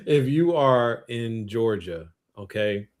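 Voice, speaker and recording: A man hosting a casual livestream chat, talking in a relaxed, hesitant way with frequent ums, over a video call. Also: mid-range voice, extremely slow. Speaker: host.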